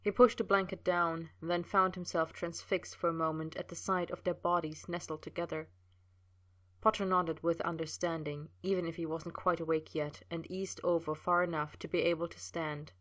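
A woman with a fairly low voice reads a story aloud. Her narration is steady and unhurried. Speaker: reader. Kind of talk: reading fan fiction aloud.

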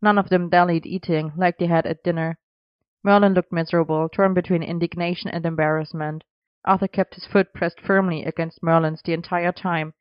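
Smooth, even storybook narrator. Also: medium pitch, no room sound, lo-fi sound. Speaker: audiobook reader.

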